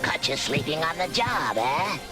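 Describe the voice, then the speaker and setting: A man's voice: a little high, sing-song, unhurried, music in the background. A man voicing a sneering villain soldier in an 1980s cartoon, with a gloating manner. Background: loud cartoon score.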